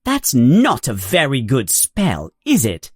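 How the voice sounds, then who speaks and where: A narrator voicing a bossy, fast-talking know-it-all schoolgirl in a children's story, pitching the voice higher. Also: huge pitch swings, dry recording, studio quality, heavily acted. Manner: quick and bossy.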